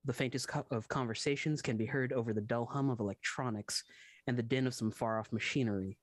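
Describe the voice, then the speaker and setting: A man's voice: medium pitch, steady tone, a little fast, dry recording. Man narrating as game master.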